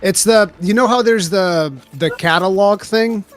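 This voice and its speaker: A man chatting while playing a game with friends, excitable and animated. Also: sits high, a little slow. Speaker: co-op gaming friend. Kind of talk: casual gaming chat.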